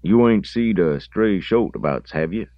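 A man doing a slow, drawling, tipsy Southern man. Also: low-pitched, animated, no echo, dull audio, voice pushed up. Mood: wry. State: slightly drunk. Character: slow, contemplative, slightly drunk rural man.

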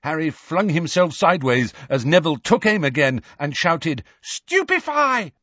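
A man reading an audiobook aloud as narrator, with an expressive, dramatic delivery, in a dry, slightly muffled recording. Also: a little high, moderate pace, breathy edge, dry recording. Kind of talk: scripted narration.

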